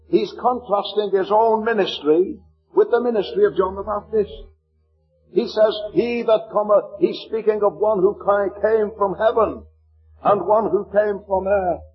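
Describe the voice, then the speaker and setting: A man from Liverpool with a Liverpool accent preaching a sermon, slowing to a measured cadence when he reads scripture aloud. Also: sits high, dull audio, soft background music. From Liverpool, England.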